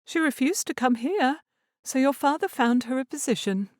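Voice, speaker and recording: A woman voicing a proud, stubborn middle-aged mother in a Regency audiobook, speaking in a brisk, clipped, weary way. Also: high-pitched, lively intonation, no room sound, studio quality, pitched above the performer's own voice. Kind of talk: audiobook character reading.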